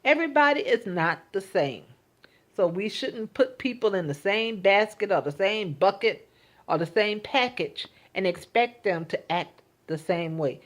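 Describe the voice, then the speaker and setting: In an expressive, medium-pitched voice at a measured pace, a woman vlogger reflects casually on camera. Her earnest, emotional delivery is marked by repeated words and sentences she keeps starting over.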